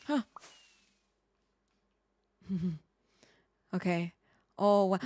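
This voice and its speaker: A woman streaming a game live, chatting with her viewers in an excitable, giggly way. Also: medium pitch, normal speed. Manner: excitable, giggly, talks to chat.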